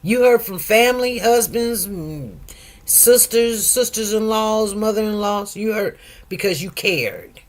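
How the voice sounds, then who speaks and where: This middle-aged woman's voice is mid-range and animated, moving at a measured pace as she hosts a casual stream. She talks straight to listeners in a chatty, emphatic manner, with many asides.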